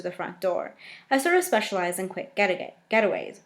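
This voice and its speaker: A woman's voice: mid-range voice, moderate pace. Woman reading a novel aloud with quips. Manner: lively, breaks off to react and joke. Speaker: reader reacting to a novel.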